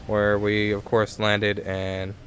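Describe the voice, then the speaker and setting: A young man with a fairly low voice talks through a video game at home, casually rambling and stopping to correct himself mid-sentence. He speaks into a desk microphone, with a faint hiss of noise behind him. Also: completely flat delivery, takes it slowly. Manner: rambling, self-correcting, thinking aloud. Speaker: let's play host. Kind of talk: casual gameplay commentary.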